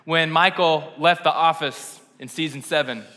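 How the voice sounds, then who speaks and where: A man's voice: a little high, normal speed, bright, forceful tone. A young man preaching a casual, conversational sermon, chatty and self-deprecating, often laughing at himself. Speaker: pastor. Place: church sanctuary. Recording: long reverb in a hall.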